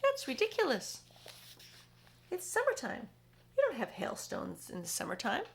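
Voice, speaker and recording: A woman reading aloud, voicing a boastful, rude male centipede who scoffs and shouts insults. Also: high voice, huge pitch swings, moderate pace, gravelly, pitched above the performer's own voice, exaggerated voice. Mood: scoffing. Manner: mocking, loud, insulting.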